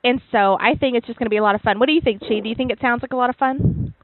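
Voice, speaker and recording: A woman's voice: fairly high pitch, racing, background noise. A woman co-hosting a podcast in casual chat, bubbly and giggly, with lots of filler words. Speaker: podcast co-host. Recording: dry, phone-like narrow sound.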